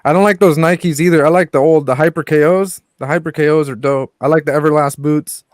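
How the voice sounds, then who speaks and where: A man's voice: on the high side, fairly even intonation, brisk, no echo, clean studio sound. Blunt, profane man on a boxing podcast. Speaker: podcast co-host. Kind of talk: casual boxing chat.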